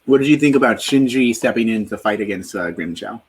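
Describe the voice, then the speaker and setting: Calm low-voiced man asking questions. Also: brisk, husky. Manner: calm, asks guiding questions. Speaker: co-host. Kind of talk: casual discussion.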